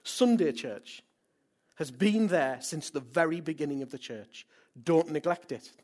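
A middle-aged man preaching a sermon to a congregation in a church, in a lively manner, rising to loud calls and prayers. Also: a little high, a little slow. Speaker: pastor.

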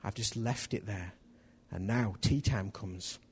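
A middle-aged man preaching a sermon, animated, acting out little dialogues as he tells stories. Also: lowish voice, unhurried, a little hiss or hum. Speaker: pastor.

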